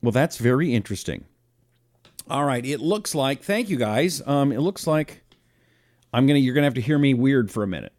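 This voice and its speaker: A man hosting a solo talk show, reading listener comments and talking in an animated, rambling way. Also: normal speed. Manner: animated, rambling, lively swings in pitch. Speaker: radio talk show host. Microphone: own broadcast setup, fixing a failed mic on air.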